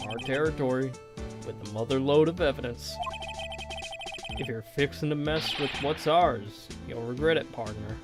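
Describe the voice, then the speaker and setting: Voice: mid-range voice, normal speed, natural voice. A streamer doing a drawling cowboy detective. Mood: swaggering. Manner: drawling Wild West slang. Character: swaggering cowboy-talking male detective who thinks he's a sheriff. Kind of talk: reading a video game script aloud. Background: game music.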